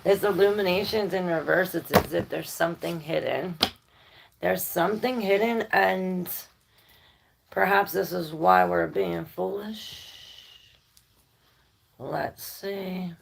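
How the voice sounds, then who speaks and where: A woman in the middle of a loose, rambling tarot reading, thinking out loud as she goes. Her voice is low, thick with gravelly fry, and she takes her time over every phrase. A faint hiss sits under the recording. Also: takes it slowly, pauses often. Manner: rambling, thinking aloud, laughs and swears casually. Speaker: tarot reader.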